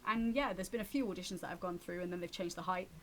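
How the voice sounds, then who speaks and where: A woman actress and voice actor, a guest on a radio arts show, telling lively stories about her work. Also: lowish voice, fast talker, a little hiss or hum. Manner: lively storyteller, acts out quoted voices. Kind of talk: radio interview chat.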